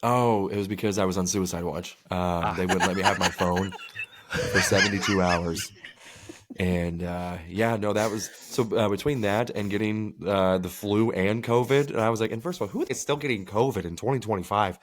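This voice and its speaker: A man's voice: on the low side, fairly even intonation, moderate pace. A man co-hosting a podcast, telling rambling, profane stories in casual chat. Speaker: podcast co-host.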